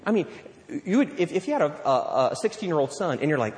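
A male pastor preaching a sermon, lively and conversational, acting out little scenes and quotes as he goes. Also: fairly high pitch, a little fast. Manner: animated preaching with playful acted-out quotes. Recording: long hall reverb.

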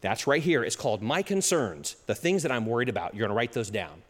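A man preaching a sermon in a church hall, with an animated delivery. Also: mid-range voice, brisk. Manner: animated, acts out little quoted exchanges, chuckles at his own jokes. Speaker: pastor. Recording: long hall reverb.

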